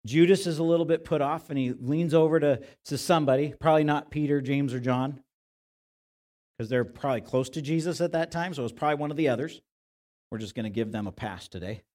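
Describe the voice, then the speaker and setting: A man's voice: fairly high pitch, a little fast, a little mellow. A male pastor giving a conversational sermon in a church, often asking his listeners rhetorical questions.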